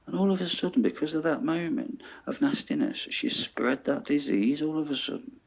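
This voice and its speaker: A man ranting in an animated monologue, swearing and checking in with "yeah?". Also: a little high, normal speed, creaky. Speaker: vlogger.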